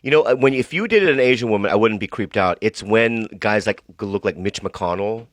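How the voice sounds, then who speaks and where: A man's voice: fairly low pitch, a little fast, dry recording. A man in his forties, a podcast co-host, talking in crude, rambling comedic chat and laughing often. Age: 40s.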